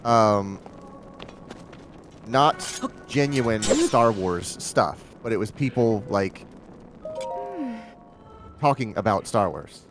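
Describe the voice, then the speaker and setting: Rambling man co-host, mid-pitched, faint music under him. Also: lively intonation. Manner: meandering, halting questions with fillers. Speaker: co-host on a gaming stream. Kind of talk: casual chat.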